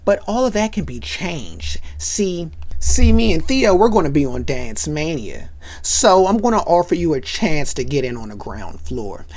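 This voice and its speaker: An eager teenage sidekick boy, played by a woman retelling a scene, laying on smooth, boastful talk. He speaks low with a confident swagger. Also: big pitch swings, a little slow, darkish tone, full character voice.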